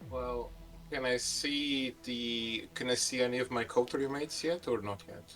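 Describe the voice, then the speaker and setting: A man's voice: medium pitch, measured pace. A man playing a tabletop game, asking the storyteller questions in a hesitant casual way. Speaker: player. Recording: distant mic with loud music.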